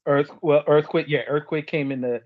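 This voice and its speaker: A man's voice: on the high side, normal speed, no echo, narrow, tinny audio. A man co-hosting a podcast, telling stories in casual chat and acting out the voices of the people in them. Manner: animated storyteller acting out quotes. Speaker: podcast co-host.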